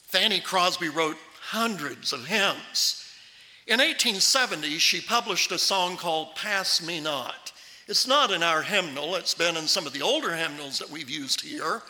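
A man preaching a sermon as pastor, animated and acting out the Bible voices. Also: a little high, normal speed, long reverb tail.

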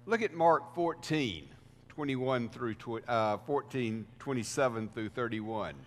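Man, pastor, slow deliberate sermon, emphatic swells, long church reverb. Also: mid-range voice. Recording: reverberant hall sound.

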